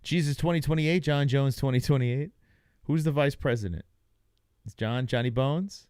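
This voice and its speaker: In clean, dry studio audio, a young livestream host reacts to results, joking loosely and addressing his chat. He speaks at a moderate pace in a medium-pitched, clean-toned voice that's a little mellow.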